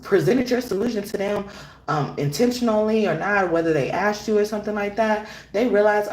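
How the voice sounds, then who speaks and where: A woman's voice: medium pitch, normal speed, a little mellow. A woman hosting a tarot reading show, talking in a chatty, casual way and laughing often as she tells stories. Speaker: tarot reader and show host. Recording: roomy echo.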